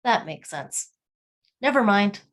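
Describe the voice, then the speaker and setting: A woman's voice: medium pitch, animated, slow. A woman taking part in an online workshop who makes short, casual remarks. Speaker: workshop participant. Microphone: video call.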